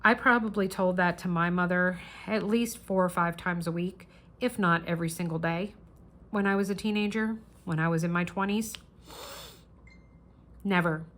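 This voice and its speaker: A woman's voice: lowish voice, fairly even intonation, normal speed, fairly bright tone. A middle-aged woman hosting a crafting channel, chatting casually and earnestly while she works on a diamond painting.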